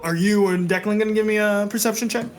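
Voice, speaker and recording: A man narrating a tabletop game as game master, playful and animated. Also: high-pitched, fast talker.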